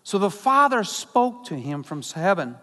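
A man preaching a sermon as pastor, earnest, slowing down when he quotes scripture. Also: high voice, big pitch swings, sharp tone, long reverb tail.

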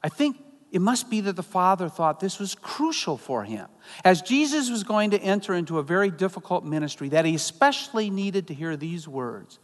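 Guy preaching a sermon, kinda high voice, earnest, slows way down on bible quotes, long church hall reverb. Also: big pitch swings. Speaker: pastor.

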